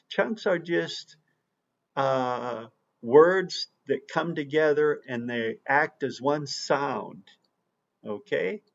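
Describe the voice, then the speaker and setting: A male English teacher gives a lesson at a very unhurried pace, stressing each important word with deliberate emphasis. His voice sits at a middle pitch. The recording sounds a little dull and lo-fi. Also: vocal fry. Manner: slow and deliberate, with emphatic stress on key words. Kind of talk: online language lesson.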